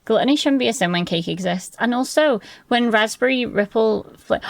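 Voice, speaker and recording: A young woman live-streaming, chatting excitably and rambling while she plays, swearing freely. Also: a little high, normal speed, vocal fry. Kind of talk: casual live-stream chat while gaming.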